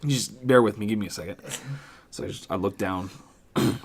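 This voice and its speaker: A man's voice: lowish voice, moderate pace. A man, a podcast guest, telling a rambling, profane story in casual chat, often correcting himself as he goes. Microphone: studio mic.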